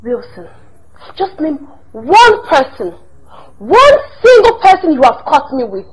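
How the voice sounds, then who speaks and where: Cast a woman as a sarcastic wife, high and animated, slow to speak. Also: poor audio. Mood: indignant. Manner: lively, sarcastic, laughs often. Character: sharp-tongued wife, defiant and mocking. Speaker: wife accusing her husband.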